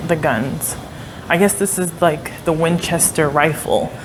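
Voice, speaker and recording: A woman's voice: low-pitched, a little slow, noisy background. A young woman talking casually to her viewers while touring a historic house, filling her talk with "like" and unsure asides. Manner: chatty, many "like" fillers, unsure asides. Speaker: vlogger. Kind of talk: casual travel vlog narration. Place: outdoors and in a tourist building.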